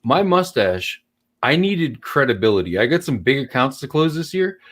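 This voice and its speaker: A man's voice: medium pitch, big pitch swings, normal speed, fairly bright tone. A man in casual chat, blunt and sarcastic, swearing freely.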